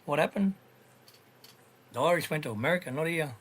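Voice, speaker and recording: A man's voice: on the high side, animated, fairly quick, fairly bright tone, husky. An Australian man in casual voice chat, talking bluntly with slang and heavy swearing. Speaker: livestream voice chat participant.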